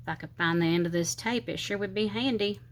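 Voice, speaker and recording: A woman's voice: mid-range voice, quick pace. A middle-aged woman with a Southern US accent, chatting casually and rambling as she decorates her planner, with slightly slurred speech, sometimes counting under her breath. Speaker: planner channel host. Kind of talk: casual chatty crafting vlog.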